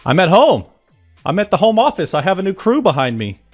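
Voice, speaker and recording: Lively, animated male stream host. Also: high voice, brisk, faint music behind. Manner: chatty, jokey, greets viewers by name. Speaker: livestream host greeting chat. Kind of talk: casual live-stream chat. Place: home office.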